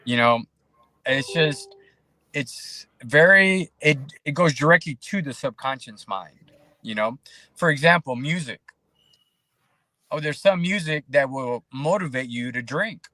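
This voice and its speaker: A man in casual podcast conversation as a guest, talking in an animated, preachy way and acting out quoted voices. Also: mid-range voice, a little slow.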